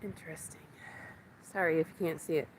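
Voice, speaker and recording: A woman's voice: low-pitched, fairly even intonation, fairly quick. A woman vlogging on her phone from a windy lakeshore, chatty and shivering from the cold, breaking into gushing exclamations. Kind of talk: casual live-stream chat. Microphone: phone camera. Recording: loud wind noise on phone mic.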